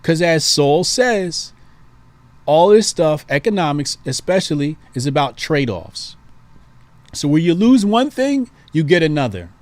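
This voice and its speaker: A man's voice: a little high, sing-song, a little slow, no echo. A man hosting a call-in show, giving emphatic, preachy political commentary and repeating points for stress.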